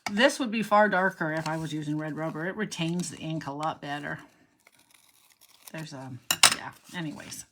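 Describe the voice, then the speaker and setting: A woman's voice: sits low, moderate pace, a bit bright, a little hiss or hum. A middle-aged woman giving a chatty live card-stamping demonstration, rambling and talking to herself as she works. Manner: rambling, self-interrupting, talks to herself while working. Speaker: stamping instructor.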